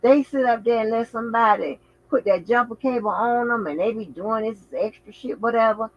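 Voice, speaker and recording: A man hosting a casual livestream, talking in an animated, outspoken way with frequent swearing and exclamations. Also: very high-pitched, fairly quick, lo-fi sound. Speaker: channel host.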